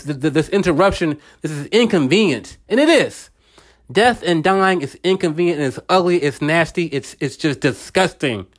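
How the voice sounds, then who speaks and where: Earnest preacherly man podcasting. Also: fairly high pitch. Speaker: podcast host. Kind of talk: casual motivational monologue.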